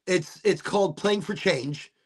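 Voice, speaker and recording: A man's voice: sits high, a little slow, a loud crowd. A man hosting a casual chat, telling rambling stories and laughing often. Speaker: podcast host.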